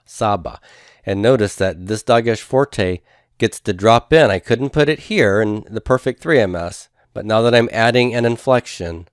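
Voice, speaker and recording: A man's voice: fairly low pitch, no room sound, clean studio sound. A man teaching a recorded lesson, explaining step by step in a patient, methodical way with frequent fillers. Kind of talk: recorded classroom lecture.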